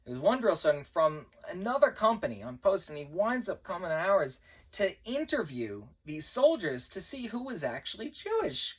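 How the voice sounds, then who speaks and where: Young male veteran, casual storyteller, lively and a bit husky, slightly high. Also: normal speed. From New York. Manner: animated, wry.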